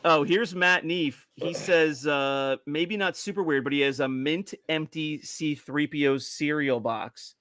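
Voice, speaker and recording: A man co-hosts a livestreamed toy-collecting podcast, chatting casually but haltingly, restarting sentences and laughing. His voice is on the high side and fairly bright, with studio-quality sound and no echo.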